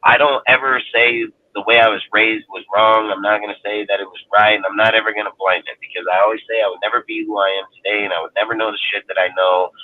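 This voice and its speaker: A man's voice: fairly low pitch, fairly even intonation, fast talker, hardly any pauses. Blunt, profane man on a tinny line. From Northern California. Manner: blunt, heavy swearing, filler "dude". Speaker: roundtable panelist. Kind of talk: casual storytelling. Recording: tinny phone-line audio.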